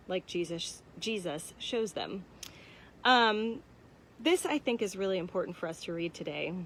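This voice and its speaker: A young adult woman giving a casual church devotional, conversational and candid, with many "um"s and "like"s. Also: fairly low pitch. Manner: conversational, frequent "um" and "like", personal and candid. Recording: faint background noise.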